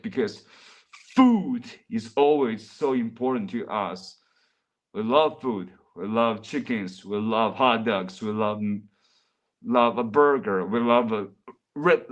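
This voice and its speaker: Rambling man chatting on a livestream. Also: mid-range voice. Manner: rambling, loose, calls viewers bro. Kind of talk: casual livestream chat.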